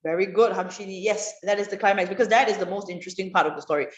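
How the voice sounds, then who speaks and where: A woman teaching an online writing class, questioning students and praising their answers in a lively way. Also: mid-range voice, racing. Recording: roomy, dull online class audio.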